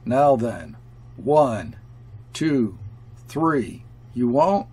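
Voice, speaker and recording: A man voicing a brash, mocking European trading-post man who sneers and shouts. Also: medium pitch, sing-song, slow pace, vocal fry, breathy edge, heavily acted. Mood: furious.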